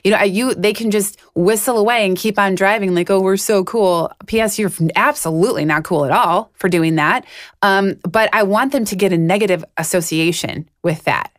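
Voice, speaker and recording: A woman in her forties co-hosting a podcast, telling stories in a heated, frank, animated way. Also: mid-range voice, moderate pace, no room sound, clean studio sound. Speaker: podcast co-host. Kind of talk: casual chat.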